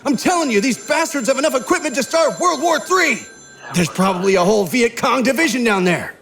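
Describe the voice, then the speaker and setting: An actor playing an obsessed Vietnam veteran cop who pleads and shouts urgently at his chief. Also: very high voice, animated, a little fast, soft background music, full character voice.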